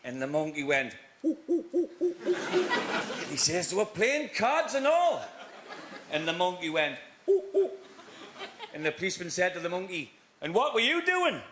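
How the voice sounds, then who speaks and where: A man's voice: high-pitched, very animated, brisk, a little hiss or hum. A man doing a corny stand-up act as a game show contestant, telling gag after gag before a live studio audience. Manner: corny joke-telling with shouted punchlines.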